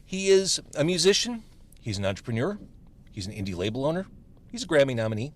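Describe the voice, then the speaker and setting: A man's voice: medium pitch, fast. A man hosting a podcast, chatting casually and playfully in a parked car over food. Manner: chatty, playful, animated delivery. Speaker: podcast host.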